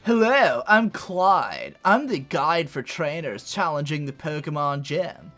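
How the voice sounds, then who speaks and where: Man putting on a surfer dude voice, drawling, laid-back, young guy, game character, bright tone. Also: a little high, sing-song, takes it slowly, soft background music, heavily acted.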